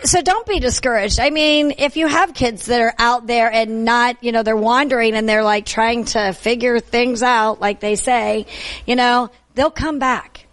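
A middle-aged woman speaks earnestly on a Christian talk show, her voice sitting a little high. She repeats phrases for emphasis and keeps an encouraging tone. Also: fairly even intonation, measured pace, fairly bright tone. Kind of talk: encouraging faith-based talk.

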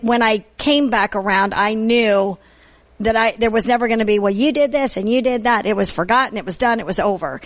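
Middle-aged female co-host, slightly high voice, earnest and encouraging. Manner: earnest, repeats phrases for emphasis, laughs easily. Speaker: Christian talk show co-host. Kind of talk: encouraging faith-based talk.

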